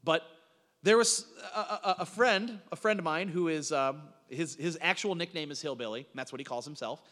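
A middle-aged man preaching a sermon as a pastor, telling stories in an animated way with frequent restarts. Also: fairly high pitch, moderate pace. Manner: animated storytelling with repeated restarts. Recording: long reverb of a large hall.

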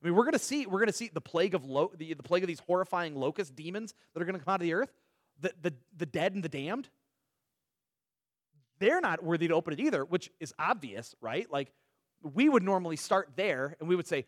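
A man teaches a Bible study conversationally, asking rhetorical questions and offering everyday examples, with frequent quick restarts and repeated words. His voice is on the high side and very animated, with clean studio sound and no room sound.

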